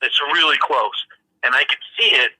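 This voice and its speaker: A man earnestly telling of a strange encounter in casual first-person storytelling, halting and repeating words as he goes. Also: mid-range voice, sharp tone, no echo, poor audio. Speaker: witness recounting an encounter.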